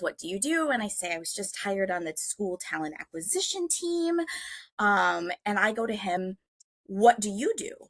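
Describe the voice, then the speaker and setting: A woman's voice: medium pitch, sharp tone, dry recording. A young woman speaking as a guest presenter on a video call, telling a story with animation, self-deprecating humor and frequent ums. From Michigan. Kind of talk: webinar presentation.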